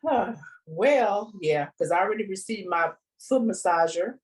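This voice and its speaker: A woman guest on her daughter's podcast, talking in a relaxed, chatty way. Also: mid-range voice, measured pace, low-quality recording. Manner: relaxed, chatty, answers with short affirmations. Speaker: guest, the host's mother. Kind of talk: casual family chat.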